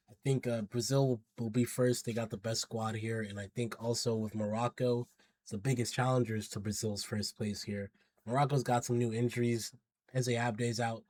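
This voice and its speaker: A man's voice: medium pitch, darkish tone, no room sound. A man vlogging his football predictions in a loose, chatty way. He drops slang freely and hypes up his picks. His voice sits mid-range and is recorded close and dry, with no room sound at all. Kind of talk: casual predictions commentary.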